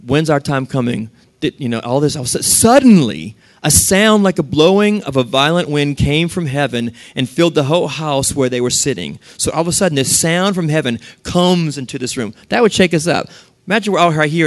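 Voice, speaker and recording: A man delivering a lively sermon in a slightly higher voice than most men. He reads scripture passages aloud, then breaks into animated asides, acting out the voices of the people he quotes. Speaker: preacher.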